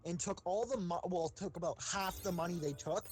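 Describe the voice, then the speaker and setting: A young man with a high-pitched, slightly fast voice casually tells rambling, profane stories while playing a game, doing silly voices for the people in them. He's a gaming streamer, the recording quality is low, and game music plays in the background.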